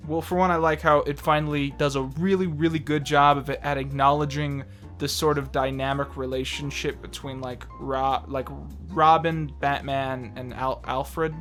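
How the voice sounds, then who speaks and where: A man's voice: medium pitch, level tone, moderate pace, fairly bright tone, faint music behind. A young man chatting casually as a movie review co-host, rambling with lots of fillers and restarts and laughing often.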